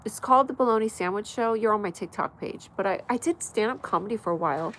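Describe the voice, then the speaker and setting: An American woman with a stuffy nose, chatting fast and casually while hosting her live comedy stream from home. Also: mid-range voice, a bit bright, low-quality recording. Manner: fast, chatty, talks to pets and viewers.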